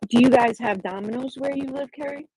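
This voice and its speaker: A woman chatting casually on a livestream, firing off quick questions in a chatty way. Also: high voice, mellow, slightly rough, no echo, low-quality recording. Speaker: livestream guest.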